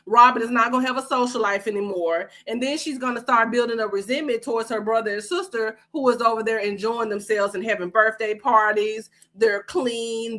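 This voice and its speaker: Brief: a woman host with a bright, forceful voice, sassy and profane, chatting live. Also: a little high. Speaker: podcast host. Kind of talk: casual livestream commentary.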